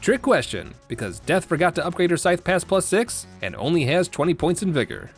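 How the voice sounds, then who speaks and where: A man's voice: a little high, very animated, a little fast, soft background music. A young man narrating a gameplay video with sarcastic, playful jokes. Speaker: gaming video host. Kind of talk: scripted comedic gameplay narration.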